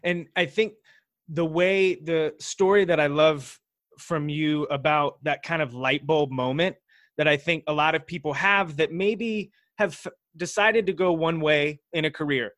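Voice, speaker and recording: Male podcast host, relaxed and prompting, slightly raised pitch, dry close mic. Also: unhurried, no room sound. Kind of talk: interview chat.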